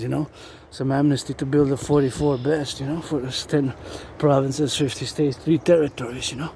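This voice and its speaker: A man's voice: medium pitch, warm tone, a little hiss or hum. A man who chants sing-song marching cadences outdoors by a river and then rambles loosely between chants. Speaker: vlogger.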